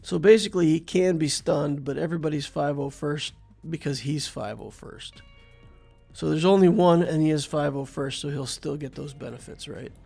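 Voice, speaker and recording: A man's voice: a little high, moderate pace, vocal fry, husky, soft background music. A man giving casual gameplay commentary, thinking aloud as he plays and chatting to the viewer. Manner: thinks aloud while playing, relaxed and chatty, talks to the viewer. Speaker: game channel host.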